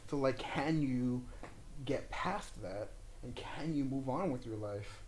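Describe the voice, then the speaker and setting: A young man co-hosting a casual podcast, talking at an ordinary pitch. He retells film scenes with excitement and plenty of swearing, dropping into the characters' voices as he goes. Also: takes it slowly, slight background noise. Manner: excited, profane, acts out characters' lines. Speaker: podcast co-host. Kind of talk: casual movie review chat.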